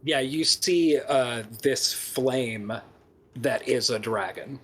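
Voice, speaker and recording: A man narrating as dungeon master in a casual game session, pausing often with ums and restarting his sentences. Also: mid-range voice, a bit bright. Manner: hesitant, many ums and restarts.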